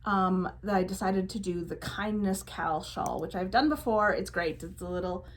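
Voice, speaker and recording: A woman's voice: mid-range voice, moderate pace, a little hiss or hum, low-quality recording. A woman co-hosting a knitting podcast, talking in a playful, rambling way. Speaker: podcast co-host. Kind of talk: casual chat.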